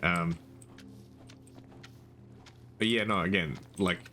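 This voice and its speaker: A man's voice: low voice, fairly even intonation, slow, sharp tone. A young man streaming live, chatting casually and rambling with frequent restarts and casual swearing.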